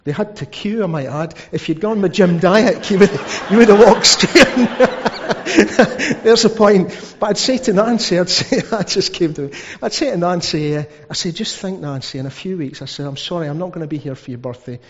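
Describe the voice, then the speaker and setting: A man's voice: high voice, lively intonation, fairly quick. A man preaching a sermon as pastor, telling stories with asides. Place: church hall. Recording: dull sound with long hall reverb.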